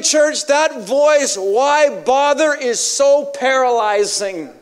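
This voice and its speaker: A man's voice: extremely high pitch, fairly bright tone, clean tone. A male evangelist preaching a sermon with emphatic, dramatic storytelling.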